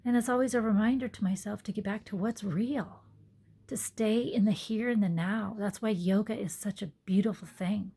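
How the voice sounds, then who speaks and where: Speaking into her phone, a woman yoga teacher offers an earnest, reflective personal monologue. Her mid-range voice is steady and slightly rough at a moderate pace, and she's soft-spoken, sometimes slipping into whispered asides.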